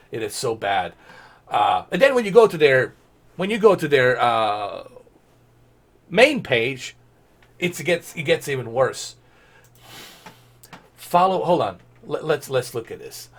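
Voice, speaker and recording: A man ranting sarcastically and with exasperation in a commentary vlog. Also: medium pitch. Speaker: gaming commentator.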